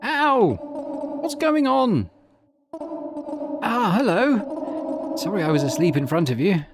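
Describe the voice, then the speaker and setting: A man doing a high, sleepy creature running an elevator. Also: sing-song, slow, over loud music, exaggerated voice. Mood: startled, polite. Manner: formal, courteous and slightly groggy.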